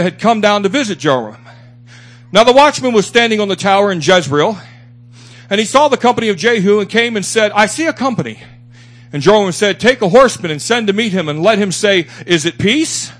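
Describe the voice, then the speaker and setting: High-voiced man preaching a fervent sermon. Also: a bit bright. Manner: fervent, rising and repeating for emphasis. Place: small church.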